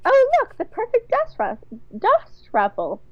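A woman voicing a haughty, domineering older upper-class mother who talks in a slow, drawn-out way. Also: very high-pitched, wildly swooping pitch, dry recording, voice pushed up, full character voice. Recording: dull lo-fi, dry.

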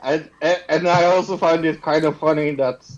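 A man co-hosting a podcast in casual chat, unhurried and laughing along with short agreeing replies. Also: on the high side, fairly even intonation, dull audio. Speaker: podcast co-host.

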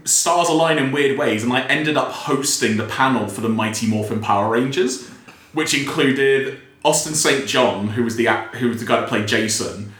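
A young man hosting a podcast, telling stories in a lively way and laughing often. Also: medium pitch, moderate pace. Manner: animated storyteller, acts out quotes, laughs often. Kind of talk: casual chat. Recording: roomy echo.

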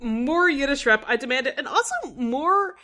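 Rambling, excitable young woman. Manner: enthusiastic, rambling, quick laughs, pitch jumps when quoting. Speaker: podcast co-host. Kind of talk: casual chat.

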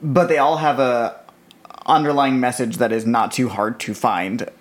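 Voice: mid-range voice, steady tone, moderate pace. A podcast co-host in casual chat, talking through a film at length with many fillers and restarts. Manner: thoughtful, explains at length with fillers.

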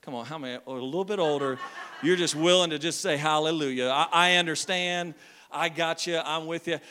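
A man's voice: a little high, brisk, bright, forceful tone, a little hiss or hum. A man in his thirties preaching a sermon to a church, talking casually and joking with the congregation. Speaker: pastor. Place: church hall.

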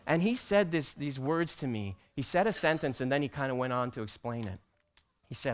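A man teaching a church group, telling a personal story with animated delivery that builds to loud, emphatic peaks. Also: medium pitch, fairly quick. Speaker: church teacher presenting slides.

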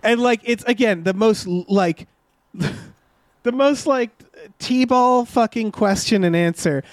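A man with a fairly high voice rants about a movie on a podcast, exasperated and sweary, tumbling over his own restarts. His voice is recorded close and dry, with no room sound at all. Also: dry recording. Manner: exasperated, sweary, talks in fast bursts with restarts. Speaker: podcast co-host. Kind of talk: casual movie review chat.

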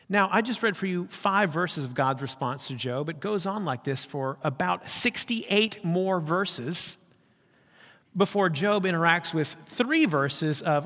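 A man's voice: a little high, animated, a little slow, a bit bright. Man preaching in a reverberant church. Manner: emphatic, conversational preaching. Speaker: pastor. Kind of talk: sermon. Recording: long hall reverb.

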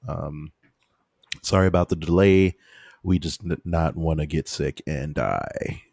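A man's voice: a bass voice, steady tone, a little slow, creaky, darkish tone, no echo, clean studio sound. A man co-hosting a podcast in casual, rambling chat, laughing often. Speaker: podcast co-host.

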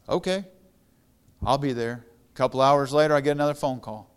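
A middle-aged guest pastor with a smooth, resonant voice at an ordinary pitch for a man. He tells his own story plainly and conversationally, then rises into louder, fervent preaching. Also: a little fast, pauses often. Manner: conversational testimony, grows louder and more fervent when preaching. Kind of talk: storytelling sermon.

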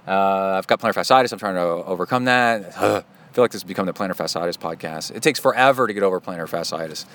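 Low-voiced man rambling casually on a podcast. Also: fast, fairly bright tone. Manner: chatty, self-deprecating, prone to digressions. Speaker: podcast host.

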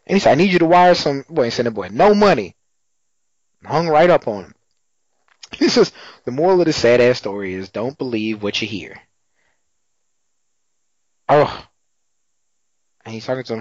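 A man in casual chat, recapping a TV episode and slipping into quick character voices. His pitch leaps around as he tells it, and the dry, slightly dull recording has no room sound. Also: lively intonation, a little mellow, dry recording. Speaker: podcast co-host recapping a TV episode.

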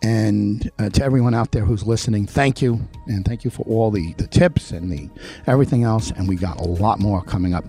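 A man's voice: on the low side, brisk, warm tone, breathy edge, faint music behind. A man hosting a political talk show, delivering a heated monologue full of rhetorical questions and challenges to an absent official. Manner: emphatic, repetitive rhetorical questions. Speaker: show host.

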